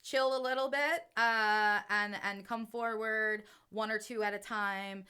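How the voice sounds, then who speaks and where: A woman's voice: medium pitch, fairly even intonation, measured pace, sharp tone, clear, resonant tone. A woman co-hosting a spiritual podcast, talking earnestly and emotionally and often checking in with "right?". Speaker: podcast co-host and self-described channel.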